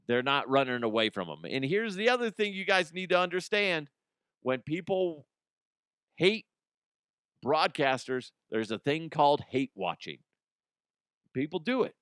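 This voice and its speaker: A man hosting comedic sports commentary, irreverent, profane and animated. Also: mid-range voice, clear, resonant tone, no echo, studio quality. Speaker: host.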